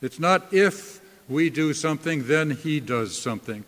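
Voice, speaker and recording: A man preaching a sermon as a pastor, slow and deliberate, leaning hard on key words. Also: a little high, animated, a bit bright, big-room sound.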